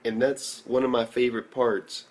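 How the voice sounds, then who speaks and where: Excitable young man ranting casually. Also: mid-range voice, normal speed. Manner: excitable, slangy, heavy swearing. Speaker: anime reviewer. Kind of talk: casual video review.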